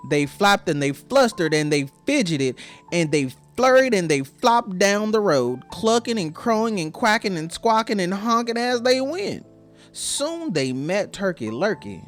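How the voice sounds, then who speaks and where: A woman's voice: medium pitch, big pitch swings, measured pace, soft background music. A woman reading a children's storybook aloud with a sing-song delivery.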